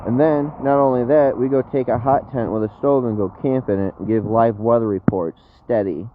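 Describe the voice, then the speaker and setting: A storm chaser streams live from his phone, chatting casually in a mid-range voice at normal speed. He's brash and slangy and swears freely, and the audio is tinny with faint noise.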